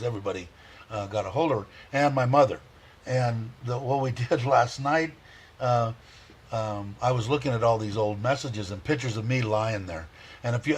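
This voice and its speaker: A man's voice: fairly low pitch, slight background noise. Rambling heartfelt male livestream host. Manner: rambling, reads viewer comments aloud; heartfelt, chuckles often. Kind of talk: casual livestream chat.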